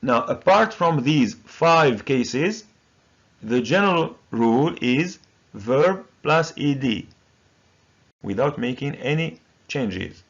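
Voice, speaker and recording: A man teaching English grammar with a Moroccan accent, a native Moroccan Arabic speaker who drills each word slowly and deliberately. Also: medium pitch, lively intonation, husky, lo-fi sound. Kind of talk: recorded grammar lesson.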